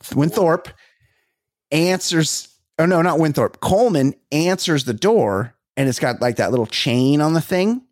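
Profane, riffing podcast host. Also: male voice, a little high, lively intonation, measured pace, no echo, studio quality. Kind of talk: casual comedic chat.

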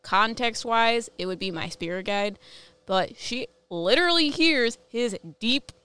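A woman's voice: fairly high pitch, animated, a little slow, sharp tone, clear, resonant tone. A woman co-hosting a casual podcast, asking curious follow-up questions in a playful way. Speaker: co-host.

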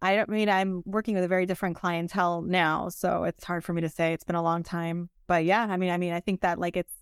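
Thoughtful low-voiced woman guest. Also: level tone, fast, clean tone, dry recording, studio quality. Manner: reflective, lots of "like" and "you know". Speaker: clinical psychologist guest. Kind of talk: casual conversational interview.

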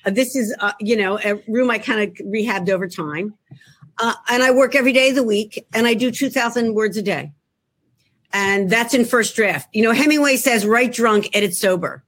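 Speaking at a normal speed, this author guest has a somewhat high, slightly bright voice and a Philadelphia accent. She's middle-aged and joins a casual chat by laptop video from the work room in her home, keeping things jokey and self-mocking.

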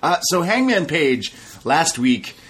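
A man co-hosting a casual chat, talking as a relaxed and enthusiastic wrestling fan. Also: a little high, slow pace, husky. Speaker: co-host.

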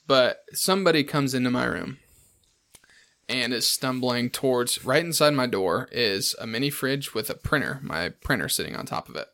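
A man's voice: mid-range voice, lively intonation, normal speed, creaky, sharp tone. A man on a podcast telling a story in casual chat, swearing often and laughing as he goes. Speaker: podcast host.

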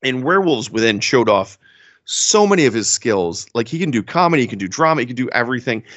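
A young man co-hosting a casual podcast about movies, animated and enthusiastic, laughing often. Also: medium pitch, fast talker, no room sound, dull audio. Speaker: podcast co-host.

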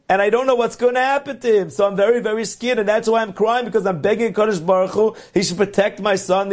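A man's voice: high-pitched, pitched above the performer's own voice, close to an everyday voice. A man voicing a frightened old mother who pleads anxiously for her son in a told story. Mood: pleading.

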